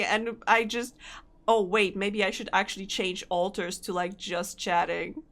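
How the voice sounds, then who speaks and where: A woman's voice: medium pitch, a little slow, a bit bright. A young woman, chatting casually with her live-stream audience, giggly and chatty. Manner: giggly, chatty, reacting to chat.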